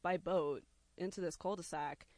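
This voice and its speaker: A young adult telling a personal story to a listener, animated and acting out the quoted voices. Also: medium pitch, normal speed, dry recording.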